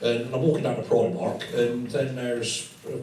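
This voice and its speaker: A man's voice: medium pitch, steady tone, normal speed, darkish tone, a little hiss or hum. Rambling, sweary man doing live stand-up. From England. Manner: swearing, rambling anecdotes with impressions. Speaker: stand-up comedian. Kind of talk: stand-up storytelling. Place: tattoo studio with a live audience. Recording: echoey room from far off with crowd laughter. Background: audience laughing.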